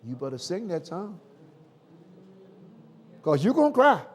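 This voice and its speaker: Southern male preacher, high and animated, slow deliberate sermon cadence with sudden loud calls. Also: slight background noise. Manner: call-and-response preaching with sudden loud and soft swings.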